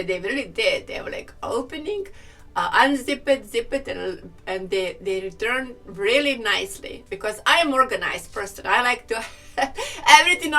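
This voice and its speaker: Middle-aged lady vlogger, slightly high voice, faint music behind, laughs a lot. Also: bright, forceful tone, recorded from a distance. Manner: chatty, laughs often, acts out quoted people. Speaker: vlogger, hair and wig specialist. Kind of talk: casual storytelling to camera.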